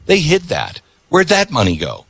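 A man's voice: on the high side, huge pitch swings, normal speed, a bit bright, slightly rough. A middle-aged man hosting a talk show, delivering an emphatic political monologue and repeating words for stress.

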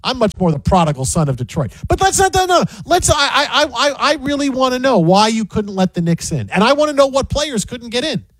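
High-voiced man in rambling sports banter. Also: brisk, hardly any pauses, no room sound. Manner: animated, rambling, emphatic with repeated phrases. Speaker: sports show co-host.

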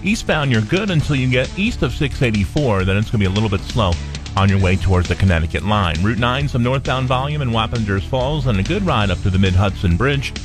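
A man giving a radio traffic report in a quick, conversational way. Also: lowish voice, expressive, over music.

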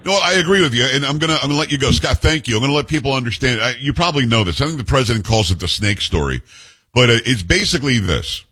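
A male talk radio host taking calls and telling stories in a blunt, forceful way. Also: medium pitch, lively intonation, fast, husky. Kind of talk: opinionated call-in talk radio.

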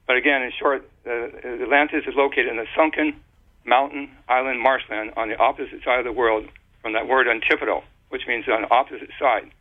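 A man of average pitch talks on and on in a loose, explanatory way, tripping over words and circling back to restart them. His voice comes through a narrow, tinny phone line. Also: fairly even intonation. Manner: rambling, halting with many restarts and fillers. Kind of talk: casual explanatory talk.

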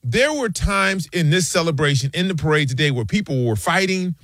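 A man co-hosting a casual sports talk show, telling stories with lively swings in his voice. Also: brisk, dry recording, clean studio sound. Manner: animated storytelling, lively swings in pitch.

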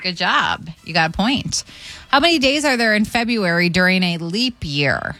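A woman's voice: fairly low pitch, expressive, normal speed, bright, forceful tone, dry recording, soft background music. A woman hosting a morning radio quiz, upbeat and teasing as she reads out the questions.

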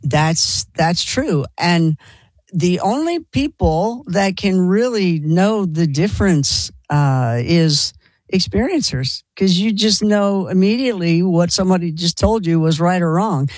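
A talk show host chatting casually and warmly affirming the guest. The voice sounds dry and close, with no room around it. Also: medium pitch, lively intonation, unhurried, no echo. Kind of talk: casual chat.

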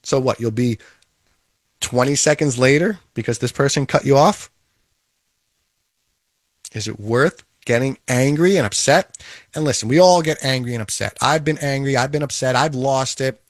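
A man's voice: mid-range voice, dry recording, studio quality. A man giving an emphatic, repetitive motivational talk about toughness and handling emotions. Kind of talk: motivational monologue.

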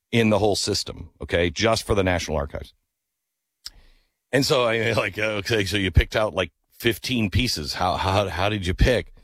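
Male radio talk host, casual storytelling, animated, lower-pitched voice, dry close studio sound. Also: normal speed, no room sound. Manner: animated, swings up into incredulous outbursts.

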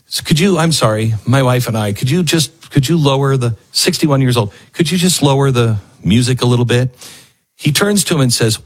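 Guy doing snarky news commentary, husky voice, mid pitch, does little voices for quotes. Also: animated, brisk. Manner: sarcastic, acts out quotes in other voices. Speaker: commentary show host.

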